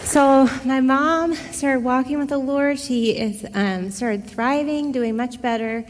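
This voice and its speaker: A middle-aged woman telling a personal testimony in a casual, expressive way, speaking straight to her listeners. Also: sits high, takes it slowly, slight background noise. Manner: conversational, expressive, addresses listeners directly. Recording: long hall reverb.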